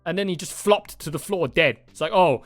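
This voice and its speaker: Excitable, rambling man reacting to a movie. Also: a little high, brisk, dry recording, faint music behind. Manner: excited, rambling, swears often, many restarts. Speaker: reaction channel host. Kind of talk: casual movie reaction chat.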